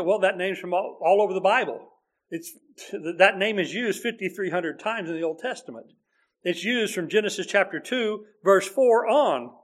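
A man preaching a sermon in a conversational, earnest way, building to emphatic repeated phrases. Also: high-pitched.

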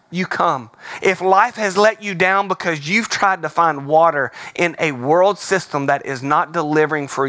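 Man, pastor, sermon, bright tone, dry sound, conversational, emphatic. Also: fairly high pitch, no echo. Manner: conversational, emphatic, repeats key words.

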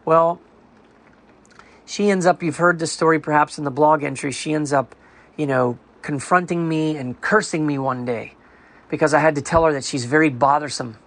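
A man's voice: a little high, steady tone, normal speed, fairly bright tone. A man who runs an online ministry, sharing a personal testimony in an earnest, storytelling way and often acting out other people's voices.

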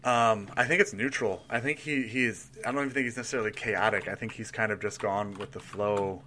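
A man with a bright, forward voice talks casually about a tabletop role-playing character. He thinks aloud, rambling with restarts and little laughs. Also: on the low side, brisk, slight background noise. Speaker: player building a tabletop character. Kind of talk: casual chat.

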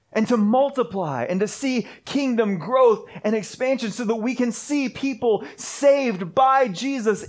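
A man preaching a sermon as pastor, earnest, building points through repeated phrases. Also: very high voice. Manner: earnest, repetitive preaching cadence.

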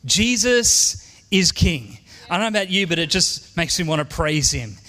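A man's voice: fairly high pitch, expressive, moderate pace, bright, forceful tone, long reverb tail. An Australian man in his forties preaching a sermon in church, earnest and emphatic, repeating his key lines. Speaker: pastor.

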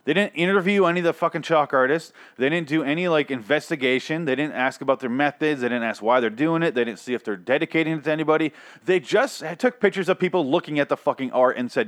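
A man's voice: on the high side, lively intonation, fast, a bit bright. A man hosting a casual comedic rant, sarcastic and exasperated, swearing often.

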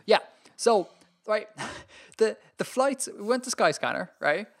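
An Irish man co-hosting a podcast in casual chat, talking in an animated, ranting way and laughing often. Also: high-pitched, measured pace, vocal fry. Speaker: podcast co-host.

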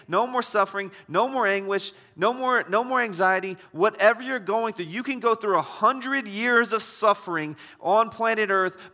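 A male pastor in his thirties delivers a casual, conversational sermon, his voice bright and a touch high. He drops to near-whispers and then surges back loud for emphasis. The sound carries a long reverb from a large hall. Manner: conversational preaching with swings from loud to hushed.

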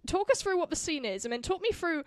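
A woman's voice: extremely high pitch, very animated, quick pace, no echo, studio quality. A woman hosting a podcast, chatting casually and rambling with lots of fillers. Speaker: podcast host. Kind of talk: casual chat.

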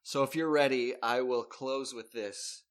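A man co-hosting a podcast in casual chat, reacting with quick jokes. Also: mid-range voice, fairly even intonation. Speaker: podcast co-host.

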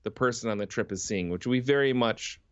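A man's voice: medium pitch, a little fast, clean tone, dry recording. A man co-hosting a podcast, talking casually and enthusiastically about a film, swearing freely. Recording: dull, dry, lo-fi sound.

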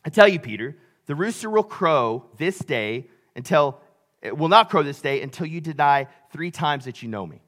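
A preacher voicing a calm, gentle teacher. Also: male voice, on the high side, normal speed.

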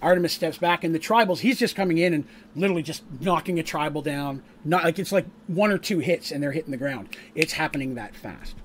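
A man runs a tabletop game as game master, narrating the action in a casual way with ums and asides. He breaks off to explain the rules. His voice is a little high, with a faint hiss in the background. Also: fairly quick, hardly any pauses.

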